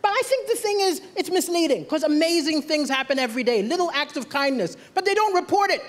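A man from Malawi performing a stand-up comedy set on a theatre stage, delivering deadpan punchlines and acting out quoted voices. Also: extremely high pitch, fast. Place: large theatre stage with live audience. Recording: loud laughing crowd, noisy hall.

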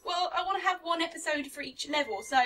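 A young woman casually commentating on her gameplay, excitable and prone to dramatic outbursts. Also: very high-pitched, fast talker, slight background noise. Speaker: let's play host. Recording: distant mic with game music.

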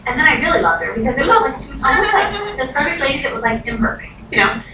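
Her voice sits high with a sharp tone, and she talks quickly and very animatedly. She is a woman in her thirties working in direct sales, delivering a chatty training talk, acting out quoted voices and often saying "like." The room is noisy and echoey, and she is recorded from a distance.

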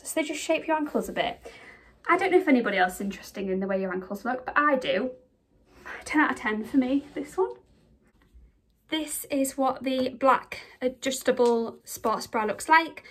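A young woman chatting casually through a clothing try-on haul, out of breath, giggly and full of fillers. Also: fairly high pitch. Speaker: vlogger.

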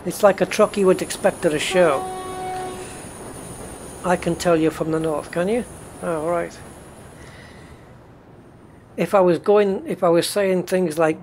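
A man's voice: sits high, fairly even intonation, unhurried, long pauses, darkish tone, a little hiss or hum. A man from northeast England, with a faint accent from there, chatting casually as he plays a truck game and answers viewers. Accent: faint northeast English. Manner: chatty, talks to himself and chat while driving. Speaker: gaming channel host. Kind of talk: casual gameplay commentary.

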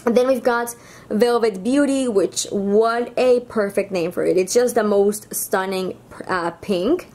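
A woman's voice: medium pitch, a little slow, a little mellow. A woman from Mexico with a Mexican Spanish accent, giving a chatty, gushing makeup review full of fillers. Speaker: beauty vlogger.

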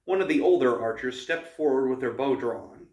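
A man reading a novel aloud for his channel, in steady narration with small stumbles. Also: mid-range voice, normal speed. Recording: roomy, distant mic.

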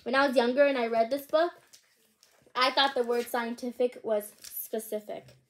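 A woman's voice: a little high, fairly even intonation, moderate pace. A woman reading picture books aloud as a channel host, chatty and bubbly, with asides between lines and the odd stumble over names.

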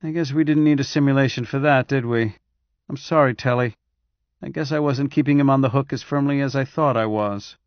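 A man's voice: a little fast, no room sound, dull audio, lightly acted. A man reading a novel aloud, voicing an impatient female military major with curt, insistent lines. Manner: curt, insistent, raised pitch for a woman.

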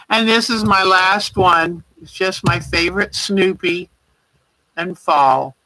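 Slow, bright-voiced gushing woman host. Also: medium pitch, no echo, rough recording. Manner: gushing, effusive praise; warm, chatty, addresses viewers by name. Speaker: quilting show host. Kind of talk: casual livestream show-and-tell.

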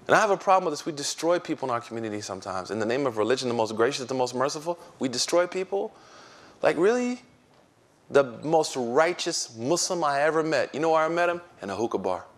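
A man who serves as an imam, giving an informal religious talk to an audience. He tells stories in an animated way, using slang and acting out what people said. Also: mid-range voice. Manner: animated storytelling with slang and acted-out quotes.

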